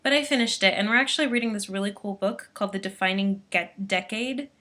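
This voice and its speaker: Bright-voiced rambling teenage woman. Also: medium pitch, fast. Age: late teens. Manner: rambly, frazzled, full of "like" and "um". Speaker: vlogger. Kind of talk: casual video diary. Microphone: built-in computer webcam mic.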